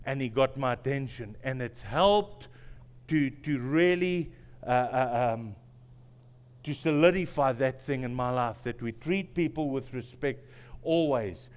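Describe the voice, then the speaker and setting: A man's voice: mid-range voice, expressive, unhurried, smooth, in a large hall. A male pastor preaching a sermon in a church, telling stories with self-deprecating humor and repeating phrases for emphasis. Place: church sanctuary.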